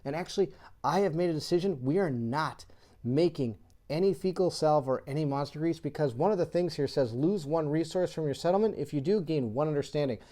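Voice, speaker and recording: A chatty host talks through a solo board game, reading rule cards aloud and puzzling over choices. The voice is mellow and warm, with frequent laughter and bursts of excitement. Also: medium pitch, brisk. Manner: laughs often and gets excitable. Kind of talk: casual solo board game playthrough commentary.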